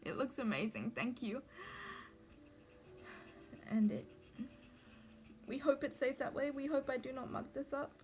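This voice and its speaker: A woman's voice: sits high, lively intonation, unhurried, pauses often, a little mellow, soft background music. A young woman, livestreaming as she crafts a cosplay mask, chatting anxiously and rambling to her viewers. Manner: anxious, rambling, talks to chat while drawing. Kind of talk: casual livestream chat while crafting.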